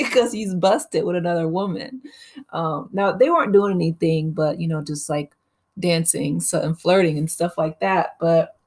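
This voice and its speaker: A woman's voice: on the low side, a little mellow. A woman hosting her own channel, giving a casual, chatty movie recap with frequent laughs and fillers. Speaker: channel host.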